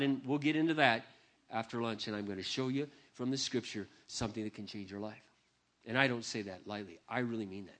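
A middle-aged man who is a pastor, telling a personal story in a sermon. He swings from hushed, confiding lines to loud, impassioned ones. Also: mid-range voice, fairly quick.

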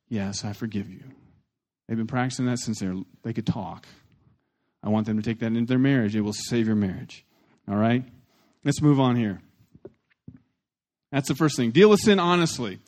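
A pastor preaching a sermon. He is animated and plain-spoken, with blunt humor, and he leads the congregation in repeating phrases. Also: mid-range voice. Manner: animated, swings between loud emphasis and soft asides.

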